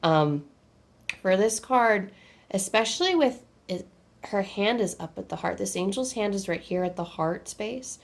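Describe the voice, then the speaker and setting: A woman's voice: medium pitch, expressive, measured pace, gravelly. A young woman giving a spiritual angel card reading, rambling and often breaking off to restart her sentences. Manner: rambling, self-interrupting, with many fillers and restarts.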